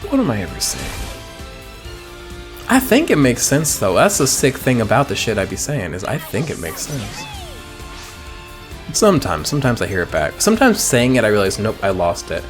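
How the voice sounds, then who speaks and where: A man's voice: lowish voice, wildly swooping pitch, normal speed, pauses often. A man casually commenting on a video game, rambling with crude jokes. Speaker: let's player. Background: game music.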